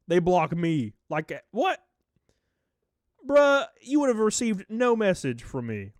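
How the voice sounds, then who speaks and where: A young man spins a crude, cocky dating story straight to camera, heavy with fillers and asides. His voice sits high for a man and leaps around animatedly. The sound is dry and close, with no room around it. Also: big pitch swings, slow, no echo. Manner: brash, crude and dismissive, lots of filler. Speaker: vlogger.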